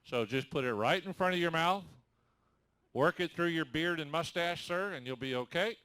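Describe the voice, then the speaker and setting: A man's voice: fairly high pitch, lively intonation, bright, forceful tone, clear, resonant tone, no echo. A man acting as announcer, giving the drivers loose, teasing instructions. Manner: folksy, teasing, drawn-out delivery. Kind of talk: loose, joking emcee instructions.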